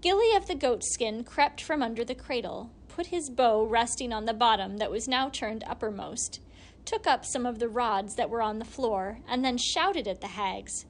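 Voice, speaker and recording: A woman reading a storybook aloud in steady, measured narration. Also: a little high. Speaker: reader.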